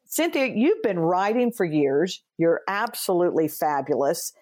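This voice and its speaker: A woman hosting an interview, an author who tells lively stories, acts out quoted dialogue and speaks earnestly from her faith. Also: fairly low pitch, measured pace. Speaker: podcast host and author. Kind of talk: conversational interview.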